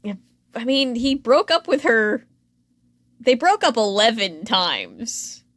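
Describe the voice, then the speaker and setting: A woman's voice: a little high, sing-song, slow, no room sound, clean studio sound. Chatty, sarcastic woman podcast host. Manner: chatty, sarcastic storytelling with frequent fillers. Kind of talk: casual chat recapping a reality show.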